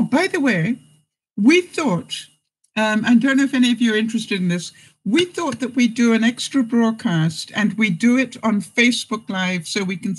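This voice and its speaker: A woman's voice: medium pitch, poor audio. A woman hosting a casual live stream, reading out jokes and viewer comments and laughing often.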